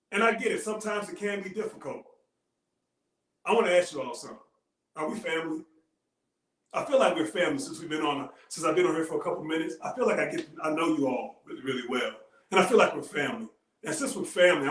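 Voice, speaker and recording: A man giving a heartfelt motivational talk, telling a personal story with earnest, dramatic pauses. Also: on the high side, fairly bright tone. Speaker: motivational speaker. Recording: roomy echo.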